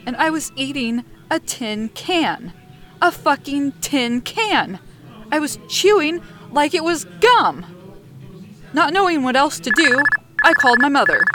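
Higher-voiced woman narrating a horror tale. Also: fairly bright tone. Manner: dramatic, slowing for suspense. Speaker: podcast narrator. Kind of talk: scripted horror story narration.

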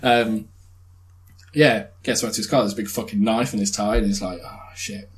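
A man's voice: lowish voice, normal speed, background noise. Young man telling a sweary story. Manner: animated storytelling with swearing and laughs. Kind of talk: casual chat.

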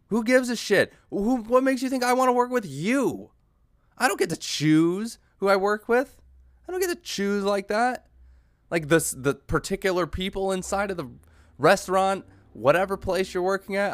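A young man hosts a podcast in a clean, echo-free studio, his voice sitting high. He rants through a comedic monologue, profane and sarcastic, with an exasperated edge.

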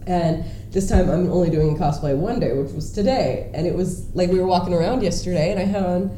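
A woman co-hosting a casual podcast, chatting in a relaxed way. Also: fairly low pitch, fairly quick. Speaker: podcast co-host. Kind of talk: casual chat. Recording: roomy with faint noise.

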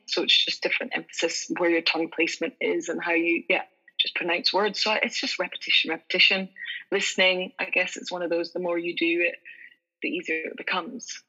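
Scottish actress, woman, husky bright voice, chatty guest, lo-fi recording. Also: on the low side, fairly even intonation, fairly quick. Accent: Scottish, Aberdeenshire. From Scotland. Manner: chatty, many fillers and restarts. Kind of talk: casual interview chat.

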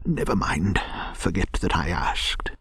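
A man voicing a languid, self-pitying male toad who pretends to be gravely ill, in a gentle bedtime storybook reading. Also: deep voice, big pitch swings, slow pace, dry recording, in a whisper, full character voice. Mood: feebly self-pitying. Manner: feeble, sighing, melodramatic.

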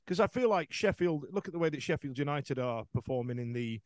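Fast-talking, higher-voiced rambling man. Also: animated, no room sound. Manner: rambling, lots of restarts and fillers. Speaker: football podcast host. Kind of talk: casual chat.

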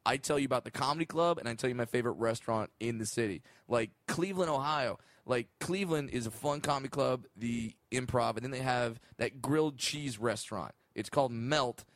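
A man's voice: medium pitch, fairly quick, hardly any pauses, dry recording. A male comedian guest on a podcast, chatting casually and repeating words as he restarts. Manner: stammers on restarts, relaxed and enthusiastic. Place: podcast studio.

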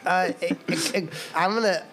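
A man's voice: high-pitched, slow pace, a bit bright. A young man playing a tabletop game, eager and stammering as he talks. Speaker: player.

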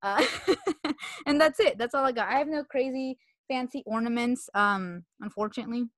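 A woman's voice: fairly high pitch, lively intonation, moderate pace, a bit bright, dry recording, clean studio sound. A woman co-hosting a podcast in casual, rambling chat, sniffling from a cold. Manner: chatty, rambling, giggly. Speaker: podcast co-host.

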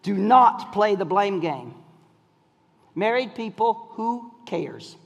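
A male pastor preaching to his congregation in a church, his high voice leaping up and down as he moves from shouting to soft, hushed lines. His words ring out with a long hall reverb from the room. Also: big pitch swings, slow, gravelly, lo-fi sound. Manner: swings from shouting to near whispers, call-and-response. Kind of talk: sermon. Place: church sanctuary.

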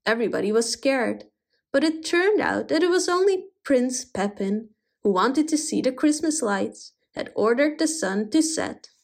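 A woman's voice: sits high, lively intonation, a little slow, gravelly. Woman reading a storybook aloud, expressively.

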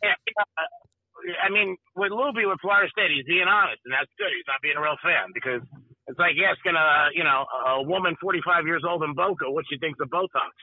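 A man's voice: a little high, no echo, phone-quality sound. A man hosting sports radio, telling wisecracking stories and quoting the people in them in casual banter. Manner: storytelling, wisecracking, quick to quote people.

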